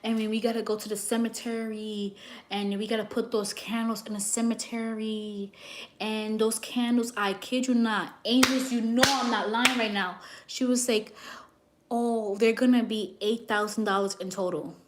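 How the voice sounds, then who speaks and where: A young woman who works as a psychic reader, telling a story to her viewers in a brash, animated way and swearing freely. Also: on the high side, normal speed, noisy background.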